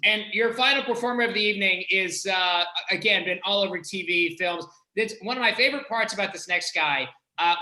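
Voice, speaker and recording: A man's voice: high voice, bright, forceful tone, reverberant, poor audio. A man hosting a virtual comedy show, introducing the comedians in an enthusiastic, rambling way over a video call. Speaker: host.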